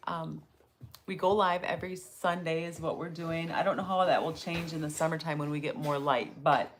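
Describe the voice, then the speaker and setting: A middle-aged woman explains donkey training on a relaxed live stream. Her voice sits a little low, and she talks in a chatty way and laughs often. A faint hiss runs under the recording. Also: moderate pace. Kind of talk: casual live training talk.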